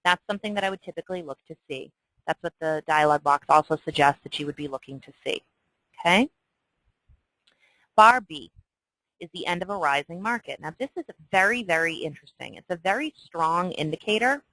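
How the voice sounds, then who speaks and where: A woman teaching a trading lesson in a chatty way, walking through a chart and checking in often with "okay?", with excitable asides. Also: on the low side, brisk, no echo, poor audio. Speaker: trading instructor. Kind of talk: screen-share lesson walkthrough.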